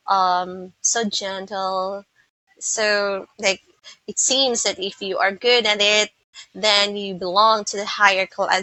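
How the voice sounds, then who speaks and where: Filipino woman, English teacher, patient lesson delivery, crisp and lively tone, close dry sound. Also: mid-range voice, no room sound, rough recording. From Philippines. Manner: patient, explanatory, with frequent comprehension checks.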